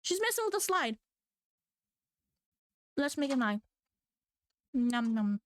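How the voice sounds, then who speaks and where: A woman, a manga artist, chatting in a rambling, playful way while she draws. She giggles, mocks herself and breaks into squeaky exclamations, speaking into a desk microphone at home. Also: very animated, slow pace, clear, resonant tone, no echo, studio quality. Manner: giggly, scatterbrained, playful, self-mocking. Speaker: manga artist drawing on stream. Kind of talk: rambling casual chat while drawing.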